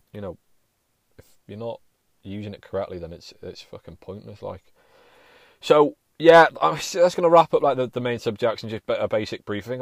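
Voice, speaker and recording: A podcast host talks on his own show in a fairly low voice, with no room sound at all. It's a casual solo monologue that rambles, often restarting sentences, with some offhand swearing.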